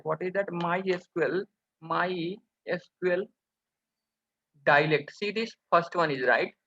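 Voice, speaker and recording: In this screen-recorded coding tutorial, a male programming instructor with a high, bright, sharp voice keeps asking rhetorical questions, saying "what?" again and again and addressing viewers as "guys." The recording sounds dull and lo-fi.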